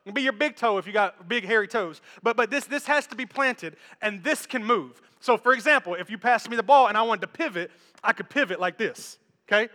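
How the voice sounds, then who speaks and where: High bright-voiced male pastor preaching. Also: fairly quick, in a large hall. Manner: animated, conversational, repeats words, jokes with congregation. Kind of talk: energetic sermon with stage demonstration. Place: church.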